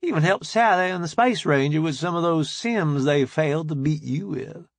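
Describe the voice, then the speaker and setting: A sassy, folksy woman ribs her captain in wry, scolding banter, as a male audiobook narrator lifts his voice for her. Her lines bounce with lively pitch. The sound is dry and close. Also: normal speed, dry recording. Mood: teasing.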